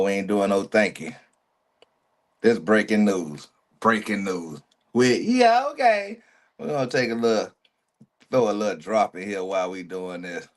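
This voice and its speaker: A man streaming a reaction, talking back at a video in blunt, slangy commentary. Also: fairly low pitch.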